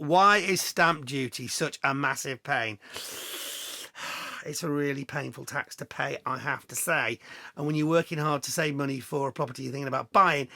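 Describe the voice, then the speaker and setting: A man's voice: fairly high pitch, creaky, pushed and bright, no echo. A middle-aged man chatting casually as he answers viewer questions, telling anecdotes with self-deprecating humor. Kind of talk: casual Q&A chat.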